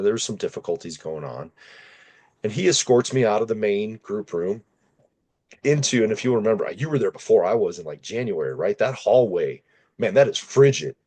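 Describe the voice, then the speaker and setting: A man hosting a podcast, telling a personal story in a lively, self-deprecating conversational way. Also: lowish voice. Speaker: podcast host.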